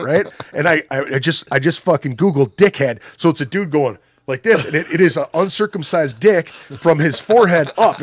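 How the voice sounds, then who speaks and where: A man's voice: on the high side, slightly rough, no echo, clean studio sound. A man telling a long story in casual chat as a podcast guest, swearing a lot and acting out the quotes in a rambling way. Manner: profane, rambling storyteller who acts out quotes.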